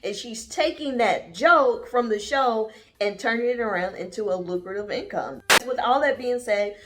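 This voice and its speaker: A woman's voice: fairly high pitch, moderate pace, fairly bright tone. A woman vlogger giving a casual, rambling show review, sassy and calling her viewers honey and darling. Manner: rambling, with many fillers and trailing asides.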